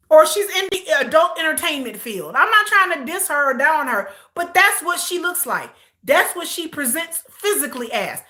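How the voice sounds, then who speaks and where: Bright-voiced American woman ranting. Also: high-pitched, sing-song, moderate pace. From United States. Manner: outspoken, incredulous ranting with mocking mimicry. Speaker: live-stream host reacting to a reality show. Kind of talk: casual livestream commentary.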